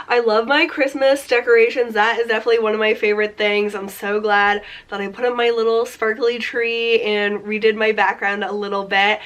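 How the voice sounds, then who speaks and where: A woman's voice: on the high side, flat delivery, brisk, hardly any pauses, fairly bright tone. A woman in her late twenties chatting casually about her beauty favorites, her voice nasal and congested from a cold, with lots of "like" fillers. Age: 20s. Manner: chatty, upbeat, many fillers like "like". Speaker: beauty vlogger.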